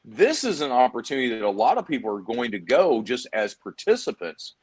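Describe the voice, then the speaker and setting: A middle-aged man from Texas, a guest on a video-call chat show, telling stories in a hammy, animated way and acting out what others said. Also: mid-range voice, brisk, slightly rough. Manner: animated storyteller, hammy, acts out quotes. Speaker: guest, PDR trainer. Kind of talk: casual chat.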